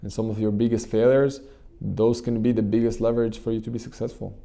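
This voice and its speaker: A man hosting his channel, leading a guided meditation in an earnest, repetitive way with frequent halting restarts. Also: on the low side, flat delivery, gravelly, dark tone. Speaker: channel host and coach. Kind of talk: motivational talk with guided meditation.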